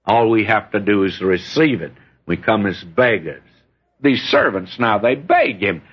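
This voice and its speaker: Delivering his sermon in a homespun storytelling style, a husky male preacher speaks at a measured pace with big pitch swings. He pushes into each point with climbing and dropping pitch before settling into easy conversation. The recording has a dull, lo-fi sound.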